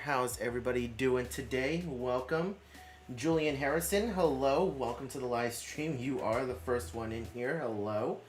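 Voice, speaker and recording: A man's voice: medium pitch, normal speed, soft background music. A man hosting a casual live stream, chatting with viewers and reading their comments aloud. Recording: roomy echo.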